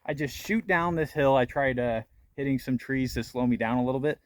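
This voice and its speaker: A man's voice: mid-range voice, brisk, a little hiss or hum. Breathless young man vlogging on a trail. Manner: laughs often while telling the story. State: out of breath from hiking. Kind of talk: casual storytelling vlog. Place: outdoors on a rocky trail.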